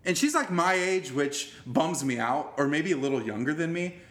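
A man's voice: fairly high pitch, expressive, moderate pace, fairly bright tone. A man in casual conversation, animatedly retelling a story with plenty of swearing and restarts. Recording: roomy echo.

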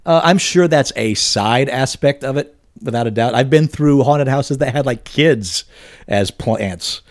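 A man co-hosting a casual chat, relaxed and talkative, swearing now and then. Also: medium pitch, a little slow, dry recording, studio quality.

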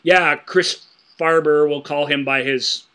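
Male podcast co-host, bright tone, casual storytelling recap. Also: fairly high pitch, fairly even intonation, slow pace, clear, resonant tone. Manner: laughing, storytelling. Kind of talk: casual chat recapping a TV episode.

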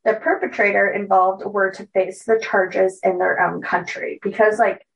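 A young woman co-hosting a podcast tells a case from her notes in a chatty, giggly way, packed with "like" and "um." Her mid-range voice is steady, gravelly and at normal speed, captured on a distant mic in a muffled recording.

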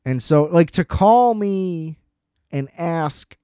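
Young adult man, casual comedic monologue. Smooth voice, dry room sound, sardonic rambling delivery. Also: fairly high pitch, lively intonation, slow pace, dark tone, no echo. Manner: rambling, sardonic, self-deprecating. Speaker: solo storyteller. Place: small room at home.

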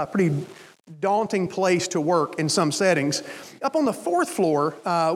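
A male preacher telling a long personal story in a sermon, animated and acting out the voices of the people in it. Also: high voice. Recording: long hall reverb.

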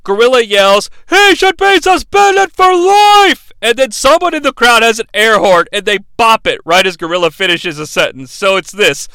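Excitable male comedic podcast host: bright, smooth voice, swearing, loud bursts and quick asides. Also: high-pitched, no room sound. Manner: excitable, swings between loud outbursts and fast asides, swears freely. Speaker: podcast host reviewing wrestling. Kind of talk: comedic recap narration.

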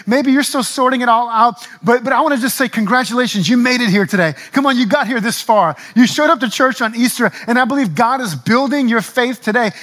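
A man with a notably high voice preaches a sermon to his congregation. He swings between quiet, tender passages and surging, emphatic appeals, repeating his key lines and urging the room on with "come on". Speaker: pastor. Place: church.

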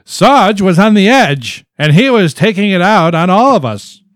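A man reading a novel aloud in a loud, strained, high put-on voice for a gruff male drill-sergeant type. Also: sing-song, measured pace, no echo, studio quality. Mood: gruff, shouting.

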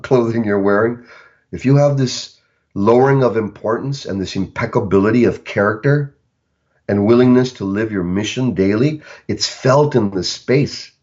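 Brief: reflective male coach guest, low voice, muffled lo-fi recording. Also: a little mellow. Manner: reflective, storytelling, slows down on key words. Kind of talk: casual podcast conversation. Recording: dull lo-fi recording.

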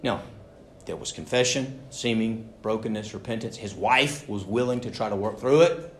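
A man preaches at a moderate pace in a voice on the low side, animatedly voicing the people he quotes. He's a pastor speaking in a church sanctuary, captured with roomy church echo and slight background noise.

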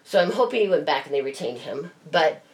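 A woman's voice: low voice, lively intonation, brisk, a little mellow, a little hiss or hum. A woman telling a story in casual chat, bluntly and with plenty of swearing. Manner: blunt, swears freely, leans on "like". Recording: echoey room with faint ambience.

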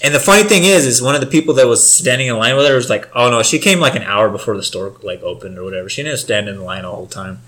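A man's voice: mid-range voice, animated, fast talker, few pauses, a bit bright. A young man telling a rambling, profane story in casual chat, full of filler words.

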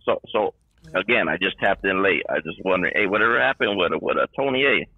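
Husky low-voiced man calling in. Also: fast, narrow, tinny audio. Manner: stammering, playful trash talk. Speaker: caller. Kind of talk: casual call-in chat.

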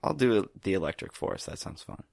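A young man with a very low, gravelly voice rambles through a casual chat full of fillers. The sound is close and dry, with no room around it. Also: animated, fairly quick, darkish tone, no echo. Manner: rambling, laid-back, lots of fillers. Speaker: podcast co-host.

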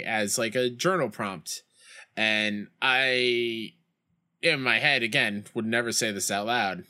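A man's voice: mid-range voice, unhurried, pushed and bright. A young man streaming a baseball video game, chatting casually with his chat and telling stories, with outbursts when plays go wrong. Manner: reads chat aloud and tells rambling school stories.

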